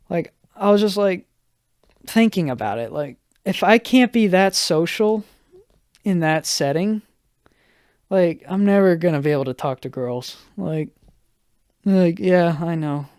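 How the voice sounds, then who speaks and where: A young man hosting a casual solo podcast, telling a personal story in a halting way, full of fillers and self-deprecating remarks. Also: sits high, a little mellow, smooth, no room sound, clean studio sound. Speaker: podcast host.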